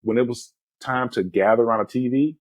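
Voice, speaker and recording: A man in his forties, a podcast host, retelling a film in a loose, animated way, full of "man" and "you know". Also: medium pitch, a little fast, no echo. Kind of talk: casual movie discussion.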